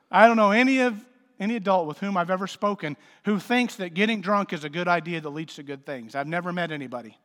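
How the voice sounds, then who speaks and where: Preacher with a high voice in a reverberant hall. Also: male voice, a little fast, fairly bright tone. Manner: conversational, joking preacher with sudden emphatic swells. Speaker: pastor. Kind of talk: sermon.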